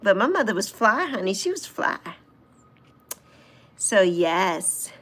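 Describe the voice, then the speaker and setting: A woman's voice: mid-range voice, big pitch swings, slow, a bit bright. A woman in her sixties hosting a casual livestream, chatting fondly and answering viewer comments as she goes. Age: 60s. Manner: fond, reminiscing. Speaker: livestream host.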